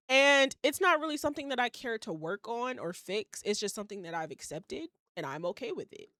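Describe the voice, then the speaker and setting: A woman's voice: mid-range voice, sing-song, unhurried, fairly bright tone, no room sound, studio quality. A young woman hosting her own podcast in casual solo chat, blunt and candid, laughing at herself as she talks. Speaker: podcast host. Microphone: home setup on shaky wifi.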